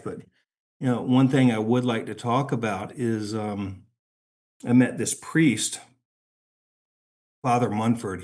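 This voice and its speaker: Halting, emotional man telling his story. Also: on the low side, darkish tone. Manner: halting, repeats words, emotional. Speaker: podcast guest. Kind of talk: personal storytelling.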